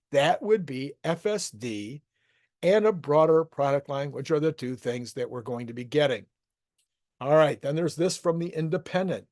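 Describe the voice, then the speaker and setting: A dry, studio-quality recording captures a man with a high-leaning, slightly mellow voice. He hosts a solo market commentary show, working through economic ideas conversationally and frequently starting sentences over.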